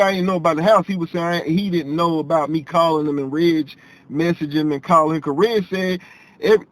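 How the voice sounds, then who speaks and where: High-voiced man telling a story. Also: low-quality recording. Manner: animated, repeats himself, quotes others in dialogue. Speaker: vlogger telling a personal story. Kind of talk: casual storytelling to camera.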